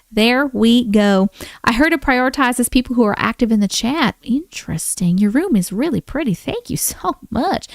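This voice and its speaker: A woman's voice: high-pitched, no room sound, studio quality. A woman hosting a casual live stream, chatting and thanking viewers by name while keeping up a playful put-on accent. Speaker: livestream host.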